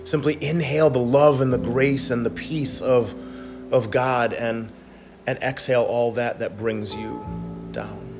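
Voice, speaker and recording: A man leading a guided contemplative prayer as a pastor, speaking slowly and gently. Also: medium pitch, steady tone. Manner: slow, gentle and soft-spoken. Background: guitar music.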